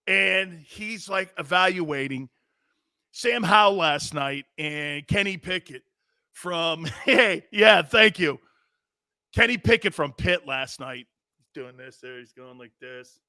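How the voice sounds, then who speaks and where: A man hosting a sports talk show, giving animated, sarcastic, ranting opinions. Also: fairly high pitch, takes it slowly, no room sound, studio quality.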